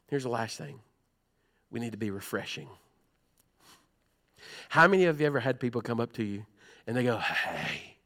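A middle-aged man, preaching a sermon in a church with animated, folksy storytelling and humor. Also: mid-range voice. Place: church sanctuary.

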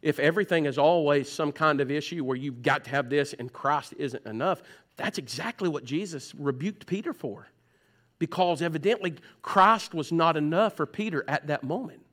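A man's voice: fairly high pitch, moderate pace, fairly bright tone. Preacher teasing his congregation. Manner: conversational preaching, teasing the congregation, mimics voices. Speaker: pastor. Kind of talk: sermon. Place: church sanctuary.

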